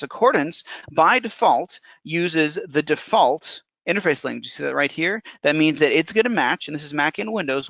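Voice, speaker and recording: A man, a software developer, walking through a live software demo in a casual, technical way, often thinking aloud. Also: a little high, dry recording. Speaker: software developer presenting a webinar. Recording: dull lo-fi webinar audio.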